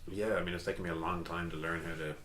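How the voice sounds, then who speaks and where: A man with an Irish accent talks in a relaxed, candid podcast chat, his voice very low and unhurried. The room is echoey, with a faint background hum under his words. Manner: relaxed, candid, swears freely. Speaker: fitness coach. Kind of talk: casual podcast conversation.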